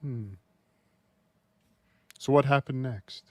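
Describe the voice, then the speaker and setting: A man's voice: mid-range voice, slow, dry recording. A man asking probing questions in a dry, mock-serious interview manner.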